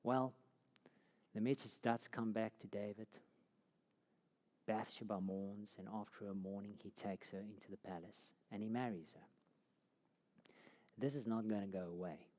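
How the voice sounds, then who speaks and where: A man's voice: lowish voice, measured pace, long pauses, dark tone. A man teaching a Bible course, telling the story dramatically and sinking to a near whisper at key moments. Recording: long hall reverb.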